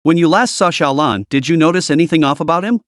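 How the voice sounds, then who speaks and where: A man voicing the stern father of a noble clan in an animated story recap, speaking gravely. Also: fairly high pitch, quick pace, no room sound, clean studio sound, lightly acted. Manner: grave, questioning.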